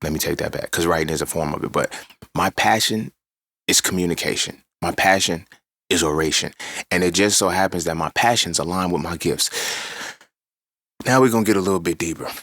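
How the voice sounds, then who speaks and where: A man hosting a casual monologue, animated and profane as he tells his own story. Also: low voice, fairly quick, no room sound, studio quality. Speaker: podcast host.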